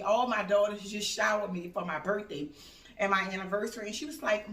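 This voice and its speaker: A woman's voice: medium pitch, normal speed, distant mic. Chatty woman vlogging in an echoey kitchen. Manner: animated storytelling, acts out the voices of her family and laughs. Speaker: home decor vlogger. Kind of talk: casual chatty vlog. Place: home kitchen. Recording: echoey room, voice off-mic.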